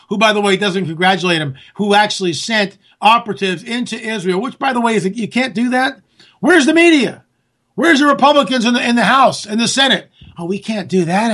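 A man giving a sarcastic, ranting political monologue that rises at times to near-shouts. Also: high-pitched. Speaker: political commentator. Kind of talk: monologue commentary.

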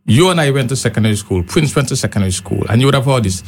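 A man's voice: a little high, very animated, fast talker. A man, a guest on a panel discussion, arguing his point insistently. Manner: insistent, argumentative.

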